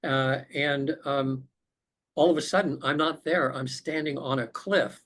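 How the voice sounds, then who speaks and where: A man's voice: medium pitch, steady tone, measured pace, a bit bright. Earnest man telling a personal story. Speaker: podcast guest, author. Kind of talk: recounting a personal spiritual experience. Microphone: remote call connection.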